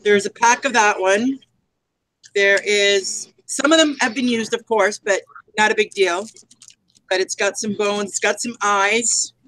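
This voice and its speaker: A woman with a bright, forward voice speaks slowly as she tells a chatty story about her finds. The chat happens over a live video call, and her tone stays easy and conversational throughout. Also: medium pitch, steady tone, no room sound, low-quality recording. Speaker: crafter showing her finds. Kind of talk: casual chat.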